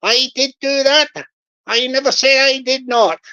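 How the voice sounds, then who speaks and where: A woman's voice: high voice, fairly even intonation, pushed and bright, muffled recording. A woman voicing a cheeky accused man who stalls and giggles while dodging a scam charge. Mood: defensive. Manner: evasive, giggling, drawn-out stalling.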